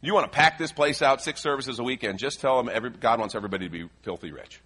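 A man's voice: medium pitch, fast talker, pushed and bright, slight background noise. A male pastor from the Chicago area preaching a sermon, reading scripture aloud and adding joking asides.

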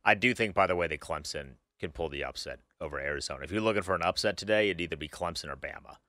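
A man's voice: low-pitched, quick pace, pushed and bright, no echo. A man co-hosting a casual sports chat, eager and opinionated. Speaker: co-host.

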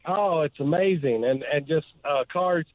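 A man's voice: fairly high pitch, no echo. Guy calling in over a tinny phone line, earnest, lots of uhs, dry sound. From northeast Georgia. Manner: earnest, halting, many fillers. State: emotional. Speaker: caller. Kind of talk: call-in radio chat.

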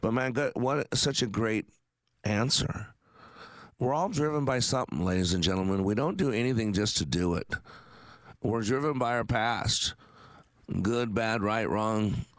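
Earnest fifty-something radio host, low voice. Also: male voice, unhurried, no echo. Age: 50s. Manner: earnest, preachy, with many fillers and restarts. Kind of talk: faith-based talk radio.

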